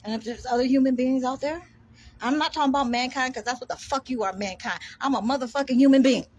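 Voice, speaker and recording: A woman's voice: high-pitched, fast, no room sound. A woman delivering a defiant, profane rant to camera, combative and emphatic, repeating words for force. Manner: combative, heavy swearing, defiant.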